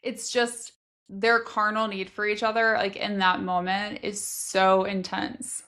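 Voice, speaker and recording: A woman's voice: mid-range voice, little pitch movement, measured pace, pushed and bright. A woman co-hosting a book podcast, chatting casually and enthusiastically with lots of fillers. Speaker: podcast co-host.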